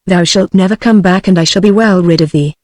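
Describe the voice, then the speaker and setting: A woman's voice: fairly low pitch, fairly quick, darkish tone, no echo, clean studio sound, natural voice. A synthetic British woman reading a proud, imperious young woman. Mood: scornful. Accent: British English.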